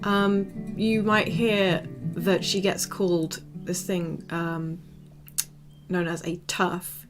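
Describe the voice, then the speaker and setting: Low-voiced woman chatting on stream. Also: flat delivery, slow pace. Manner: rambling, frequent ums, soft laughs, talks to chat by name. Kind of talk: casual livestream chat. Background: soft guitar music.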